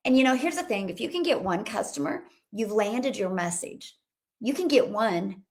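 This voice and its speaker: A woman's voice: mid-range voice, animated, normal speed, a little mellow. A middle-aged woman hosting a livestream as a business coach, talking with upbeat, bubbly enthusiasm and calling out to viewers. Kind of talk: upbeat livestream talk reading viewer comments.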